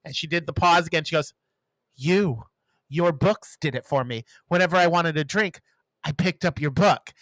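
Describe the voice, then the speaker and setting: A man's voice: fairly high pitch, normal speed, fairly bright tone, dry recording. A man co-hosting a podcast, chatting casually and animatedly retelling movie scenes with playful little voices. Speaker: podcast co-host. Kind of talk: casual chat, movie review.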